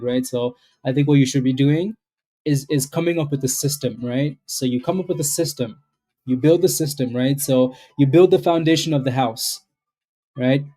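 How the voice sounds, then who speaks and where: A man with a mid-range, dark-toned voice hosts a live stock trading stream, giving casual market commentary. He rambles, repeats himself, and keeps tagging "right?" onto his sentences.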